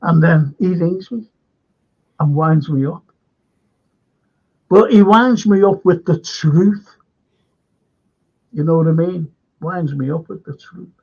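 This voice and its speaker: Gravelly, high-voiced man. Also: takes it slowly, pauses often. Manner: chatty and rambling, laughs often. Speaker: livestream host. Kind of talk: casual chat, reading out viewer comments. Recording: dull lo-fi stream audio.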